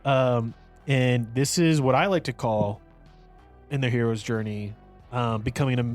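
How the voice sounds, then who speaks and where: A man's voice: mid-range voice, measured pace, soft background music. A man co-hosting a podcast, reviewing a movie in casual, rambling chat full of fillers and restarts. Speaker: podcast co-host.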